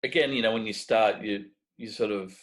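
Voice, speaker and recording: A man's voice: on the low side, normal speed, poor audio. A middle-aged Australian man being interviewed, telling stories casually and animatedly, often restarting and acting out what others said. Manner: animated, restarts often, acts out quoted dialogue. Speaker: guest, make-up effects artist.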